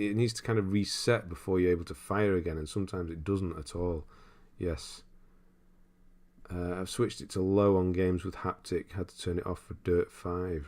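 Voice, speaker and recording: A young man hosting a casual livestream, reading viewer comments aloud and thinking out loud in a rambling way with frequent chuckles. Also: low voice. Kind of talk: casual live-stream chat.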